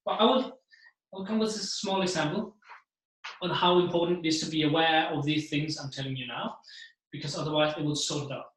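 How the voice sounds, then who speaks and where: A man's voice: a little high, brisk. Man speaking in a very echoey room. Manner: animated, acts out the voices he describes. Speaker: motivational keynote speaker. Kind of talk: seminar talk to an audience.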